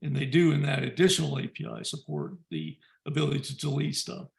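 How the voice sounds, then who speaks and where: A man talking casually in a technical meeting over a video call, halting and often restarting his sentences. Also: a little high, sing-song, vocal fry. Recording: roomy echoing call audio.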